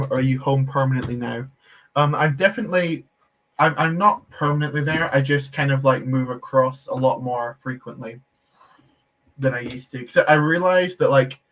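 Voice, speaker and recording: A man chats casually through a live building stream. He reads viewers' comments aloud and laughs often. His talk is loose and friendly, full of quick asides. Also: medium pitch, a bit bright. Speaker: Lego streamer.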